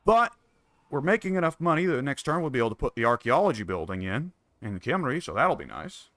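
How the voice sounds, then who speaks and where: A man's voice: medium pitch, big pitch swings, brisk, a bit bright, no room sound. A man casually commenting on his own strategy game, musing and wry, talking half to himself. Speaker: gameplay commentator.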